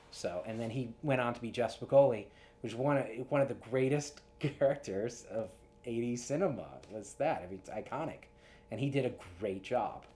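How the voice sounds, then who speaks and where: A man's voice: lowish voice, a little mellow. A man who works as a casting director, giving earnest audition advice to actors. He often restarts and repeats words as he talks.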